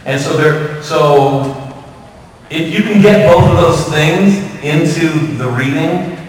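A man answering convention panel questions in a chatty, animated way, often laughing, recorded from the audience. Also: fairly high pitch, takes it slowly, a little hiss or hum. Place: large convention hall. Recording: distant echoey hall, loud crowd.

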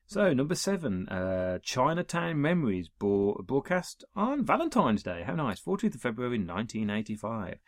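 A man's voice: mid-range voice, dry recording, studio quality. A man reading through an episode guide in a casual way, adding wry asides and small chuckles. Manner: reads listings, adds wry chuckling asides.

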